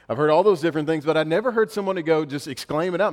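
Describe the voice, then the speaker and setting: A male pastor gives a casual, joking sermon and tells stories in a relaxed, chatty way. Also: fairly high pitch, racing, in a large hall. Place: church sanctuary.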